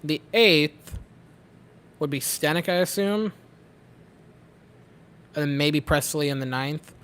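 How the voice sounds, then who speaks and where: A young man chatting casually at a home watch party, giving a nervous, excitable running commentary on a baseball game. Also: fairly high pitch, slow pace, clear, resonant tone. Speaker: host. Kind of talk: casual chat.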